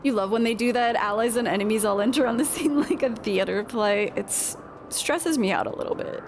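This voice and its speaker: A woman's voice: on the high side, brisk. A young woman streaming a game, chatting casually and reading dialogue aloud with rambling, self-deprecating asides. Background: game music.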